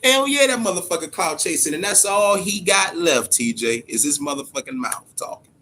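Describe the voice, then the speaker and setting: A man's voice: sits high, animated, moderate pace, sharp tone, slight background noise. A man hosting a boxing talk show, ranting in heated, profane casual commentary and repeating words when worked up.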